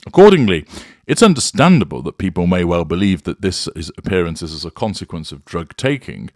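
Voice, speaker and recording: A man delivering a measured, deliberate scripted commentary as a host analysing a public figure. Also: low-pitched, very animated, a little mellow, dry recording, studio quality.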